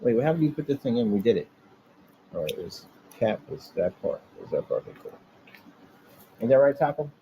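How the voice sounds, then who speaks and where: A man's voice: medium pitch, brisk, pauses often, muffled recording. Guy bragging about his build, talk bouncing all over the place, faint hiss behind. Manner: boastful, animated trash talk. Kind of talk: casual workshop vlog.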